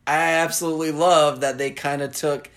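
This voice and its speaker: Rambling Southern man, excited film talk. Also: on the high side, moderate pace. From American South. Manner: enthusiastic, rambling, acts out movie lines. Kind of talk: casual chat.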